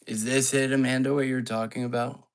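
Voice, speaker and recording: A man hosts a casual livestream from an apartment at night. His voice sits at an ordinary middle pitch, and he talks in a chatty, jumpy way straight to his viewers. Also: little pitch movement, fairly quick. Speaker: live-stream ghost hunter host. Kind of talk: casual live-stream chat.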